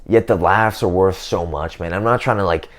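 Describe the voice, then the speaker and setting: A young man with a deep, low-set voice talks straight to camera in a loose, rambling vlog. His speech is slangy and full of "man" and "dude". He sounds like someone thinking out loud. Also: moderate pace, soft background music. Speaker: self-improvement vlogger. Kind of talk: casual vlog monologue.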